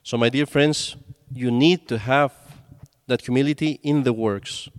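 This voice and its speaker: A man's voice: medium pitch, a little slow, clean tone. A man, a priest, giving a conversational sermon and telling stories with acted quotes. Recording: long hall reverb.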